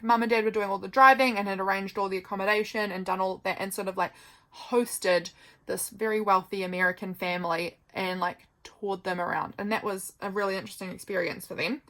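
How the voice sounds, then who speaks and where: Chatty New woman. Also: medium pitch. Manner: rambling, gentle and affectionate, many ums. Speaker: journaling vlogger. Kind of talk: chatty journal flip-through.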